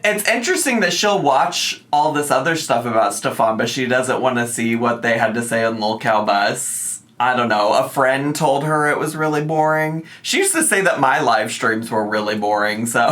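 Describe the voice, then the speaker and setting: A man's voice: medium pitch, sharp tone. A man giving gossipy, mocking reaction commentary, laughing often. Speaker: reaction streamer.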